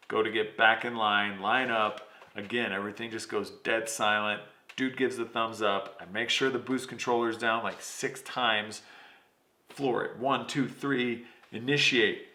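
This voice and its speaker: A man hosting his podcast, telling a story in a casual, animated way, swearing freely and acting out what people said. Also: on the low side, measured pace, roomy sound. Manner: animated, swears, acts out quotes. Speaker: podcast host.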